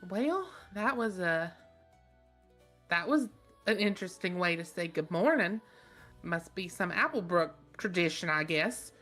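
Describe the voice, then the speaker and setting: A woman's voice: on the low side, expressive, measured pace, a bit bright, faint music behind. A woman voicing a feisty, folksy young woman adventurer who talks in an indignant, flustered way.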